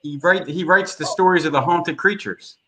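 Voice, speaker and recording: A man's voice: fairly high pitch, normal speed, bright, forceful tone, poor audio. A man chatting as a guest on a casual live stream, joking and trailing off mid-sentence.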